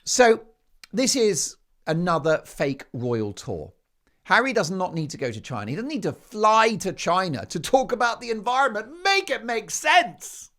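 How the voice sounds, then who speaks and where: A man's voice: sits high, sing-song, moderate pace, fairly bright tone. A man hosting a talk show, delivering an emphatic, sarcastic opinion monologue full of rhetorical questions.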